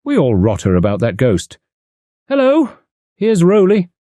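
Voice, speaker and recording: A man's voice: a little high, wildly swooping pitch, measured pace, dark tone, dry recording, clean studio sound, pitched above the performer's own voice. A man reading an audiobook, voicing a drawling, teasing young woman.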